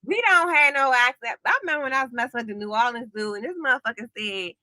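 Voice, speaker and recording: A woman's voice: fairly high pitch, lively intonation, quick pace, bright, forceful tone, dry recording. A woman with a Washington, D.C. accent, co-hosting a casual gossip chat, talking frankly and often restarting her sentences. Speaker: co-host.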